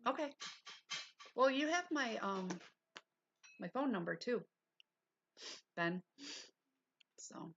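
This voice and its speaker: A woman's voice: fairly high pitch, animated, slow, long pauses. An older woman hosting a livestream, chatting casually and rambling as she answers viewers. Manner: chatty, rambling, talks back to chat. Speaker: livestream host. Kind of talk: casual chat with live viewers. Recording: dull lo-fi stream audio with faint hiss.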